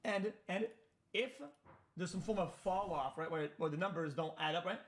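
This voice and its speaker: A male streamer reacting to a clip in loose, rambling chat. His voice sits a little high, and he repeats words and restarts sentences as his thoughts run ahead. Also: normal speed.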